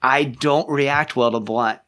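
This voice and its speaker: Southern man, middle-aged, rambling guest chat, mid-pitched and easygoing. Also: steady tone, takes it slowly, fairly bright tone. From American South. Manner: chatty, rambling, self-deprecating. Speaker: podcast guest. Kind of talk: casual chat.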